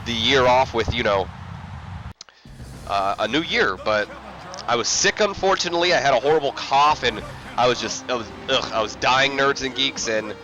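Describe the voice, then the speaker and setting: A man's voice: mid-range voice, bright, forceful tone. A man giving casual video game commentary as a let's play host, rambling and self-mocking with many fillers.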